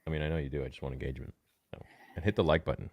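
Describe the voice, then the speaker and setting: A man's voice: rumbling low, steady tone, very fast, no echo. A man co-hosting a livestream, reading viewer chat aloud in a loose, upbeat way with casual swearing. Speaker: co-host reading live chat.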